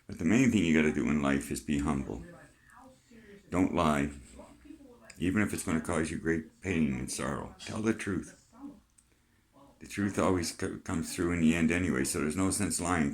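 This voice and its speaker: An older man with a Canadian accent, talking freely in a rambling vlog monologue, chatty and plain-spoken, swearing now and then. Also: a bass voice. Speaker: vlogger.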